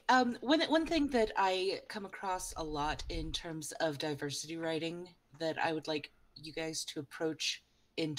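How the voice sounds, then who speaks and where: A woman moderating an online panel discussion, feeling her way through long questions with frequent ums and restarts. Her voice is deep for a woman. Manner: hesitant, many ums and restarts while framing questions.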